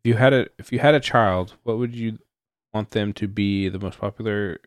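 A young man with a lowish voice hosts a relaxed podcast chat, firing off quick questions in a loose, mumbly way with casual swearing. the recording is close and dry, with no room sound behind him. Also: dry recording. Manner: laid-back, swears casually, mumbled answers. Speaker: podcast host.

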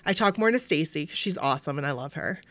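A woman's voice: low voice, fast, no room sound. A woman from Maine telling a story in casual chat. She acts out what people said and fills her talk with "like". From Maine, USA. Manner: animated, acts out quoted voices, many "like" fillers.

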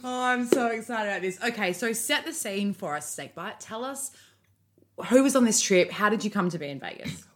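A woman's voice: medium pitch, expressive, fairly quick. A woman hosting a casual podcast, asking her guest playful questions. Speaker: podcast host. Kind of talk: casual interview.

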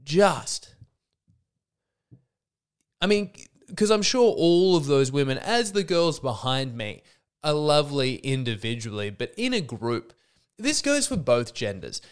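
A man's voice: a little high, big pitch swings, unhurried, clear, resonant tone. A man in his thirties hosting a podcast, ranting in an exasperated, sarcastic way with many restarts, and a little sick. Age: 30s. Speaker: podcast host. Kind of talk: comedic solo rant.

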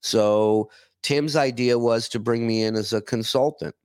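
A man's voice: medium pitch, a little slow, a little mellow, clean tone, no echo, clean studio sound. A man chatting as a guest on a video call, easygoing and talkative, swearing casually. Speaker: guest, former radio show staffer. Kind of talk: casual chat.

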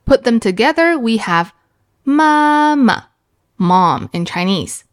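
A woman teaching beginners Mandarin, explaining slowly and clearly and demonstrating each tone aloud. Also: mid-range voice, sing-song. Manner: slow and clear, demonstrating sounds with sung tones.

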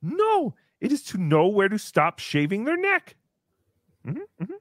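A man's voice: high-pitched, huge pitch swings, a little slow, a bit bright, dry recording, studio quality, full character voice. A man voicing a brash, boastful comic character who talks about himself in the third person while hosting a livestream. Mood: excitable. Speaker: show host character. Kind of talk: livestream comedy banter.

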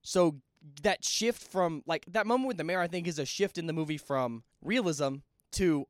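A man's voice: a little high, a little slow, dry recording, studio quality. A young man co-hosting a podcast, chatting casually about a film and rambling through restarts mid-thought. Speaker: podcast co-host.

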